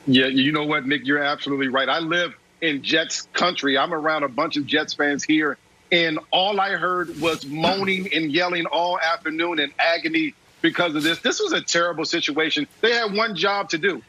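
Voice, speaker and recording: A man's voice: on the high side, moderate pace, pushed and bright, rough recording. A man who is a former player, giving emphatic sports commentary and repeating his key points.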